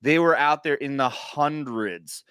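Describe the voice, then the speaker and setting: A man co-hosting a veterans' podcast, chatting casually with frequent swearing and rambling, animated stories. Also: on the high side, measured pace, smooth, no room sound, clean studio sound. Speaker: podcast co-host, military veteran. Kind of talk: casual profane chat. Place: central Missouri.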